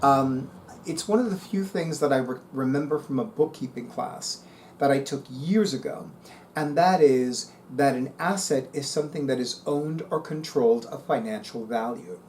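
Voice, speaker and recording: A man's voice: mid-range voice, moderate pace, darkish tone, a little hiss or hum. A middle-aged man reading tarot articles aloud and musing on them in a casual, chatty way. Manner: musing, reads aloud then comments. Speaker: tarot reader.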